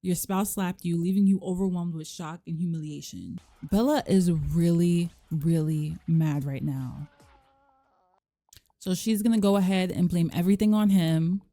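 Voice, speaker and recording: A woman hosting a let's play, giving casual, animated commentary and voicing her characters' lines with sass. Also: on the low side, a little slow, no echo.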